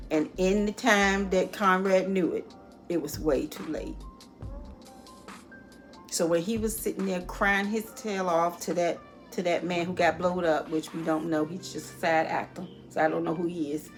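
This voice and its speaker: A woman giving a casual spoken movie review at home, chatty and expressive, calling her viewers honey and y'all. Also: fairly low pitch. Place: at home near her dishes.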